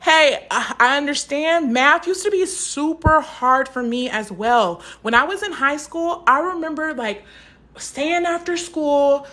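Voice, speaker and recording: A woman's voice: high voice, measured pace, sharp tone. A young woman teaching a live math lesson, chatty and encouraging, stopping to answer viewer comments.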